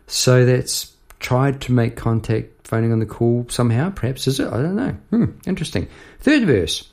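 A man's voice: mid-range voice, animated, moderate pace, vocal fry, darkish tone. A man hosting his own podcast, casually musing aloud about writing a song, asking himself questions and reading out his lyrics. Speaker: songwriter and podcast host. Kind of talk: casual solo podcast talk about songwriting.

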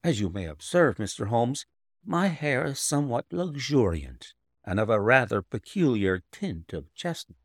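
A man reading an audiobook, voicing a young governess who tells her story in a proud, firm, measured way. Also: mid-range voice, big pitch swings, no room sound, clean studio sound. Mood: earnest.

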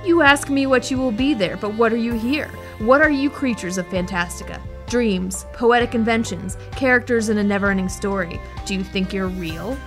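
A woman reading aloud as a cruel, menacing male werewolf, speaking slowly and tauntingly. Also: medium pitch, faint music behind, lightly acted.

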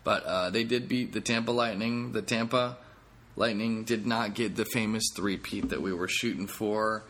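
A man's voice: fairly low pitch, steady tone, moderate pace, a bit bright. A man who is a comedian, hosting a casual solo podcast in a rambling, profane way with self-mocking jokes.

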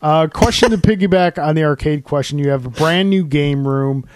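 A man co-hosting a podcast, chatting casually with a relaxed, chuckling manner and plenty of ums. His voice sits a little high for a man. It is recorded close and dry, with no room sound. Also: normal speed, no echo. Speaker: podcast co-host. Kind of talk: casual chat.

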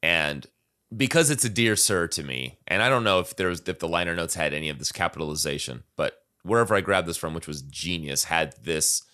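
A man with a low voice and a bright, forceful edge talks through song lyrics in a relaxed, conversational way. He reads lines aloud, then works out their meaning with frequent fillers and restarts. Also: fairly quick. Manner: thoughtful, reads lyrics aloud and unpacks them with many fillers. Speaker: podcast co-host discussing song lyrics. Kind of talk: casual conversational analysis.

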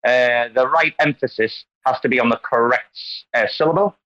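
A man's voice: mid-range voice, normal speed, fairly bright tone, muffled recording. A man hosting an online community call, talking casually and animatedly as he wanders into tangents and lectures about word stress. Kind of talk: casual group call chat.

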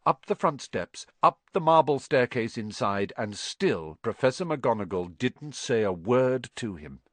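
A man narrating an audiobook in an expressive reading style. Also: a little slow, dry recording. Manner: expressive, swinging pitch. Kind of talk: scripted narration.

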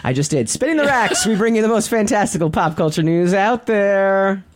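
A man's voice: sits high, moderate pace. A man co-hosting a podcast in casual chat, rambling and often cutting himself off mid-sentence. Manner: rambling, self-interrupting, enthusiastic about pop culture. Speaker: podcast co-host.

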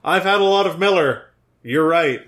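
A man co-hosting a podcast in casual chat, dry and deadpan with his jokes. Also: on the high side, normal speed. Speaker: podcast co-host.

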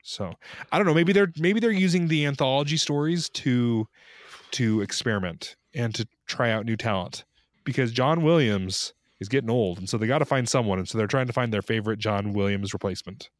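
A man's voice: medium pitch, fairly quick, no room sound, clean studio sound. A man in his thirties co-hosting a podcast in casual chat, rambling and chuckling with lots of fillers. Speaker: podcast co-host.

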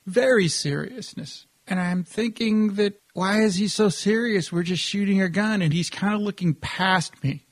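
Man telling a tense personal story. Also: high-pitched. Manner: casual, conversational, animated retelling with quoted dialogue.

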